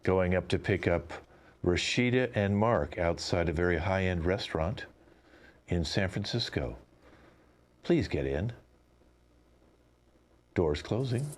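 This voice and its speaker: A low, deep male voice plays a driverless rideshare car , as a man puts it on. He makes polite, insistent announcements over a video call mic. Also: expressive, slow, pauses often, full character voice. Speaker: improv performer. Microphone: computer mic on a video call.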